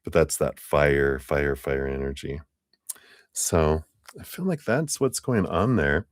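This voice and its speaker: A man giving a live-stream tarot reading, chatty and easygoing, chuckling often and clearing his throat between remarks. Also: rumbling low, lively intonation, slow, no room sound, studio quality. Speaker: tarot reader.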